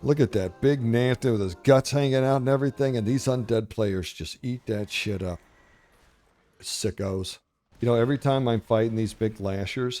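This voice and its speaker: A man's voice: medium pitch, warm tone. A middle-aged man hosting a gaming channel, telling rambling, profane, jokey stories over gameplay commentary. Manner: profane, brash, jokey storytelling.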